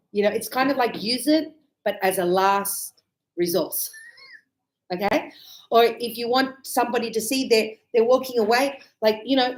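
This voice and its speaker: A middle-aged woman teaching an English class, chatty and animated, acting out examples with loud calls. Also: a little high, low-quality recording. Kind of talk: classroom lesson.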